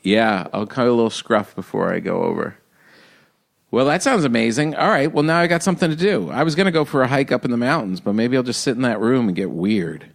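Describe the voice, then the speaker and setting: A man's voice: medium pitch, lively intonation, brisk, creaky. A man from New Jersey with a New Jersey accent, hosting a podcast in casual, joking chat and laughing often. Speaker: podcast host.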